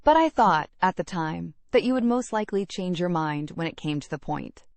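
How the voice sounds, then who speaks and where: A woman's voice: fairly low pitch, animated, normal speed, darkish tone, dry recording. A woman voicing a gushing, fawning young lady in an audiobook. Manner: eager, insinuating chatter.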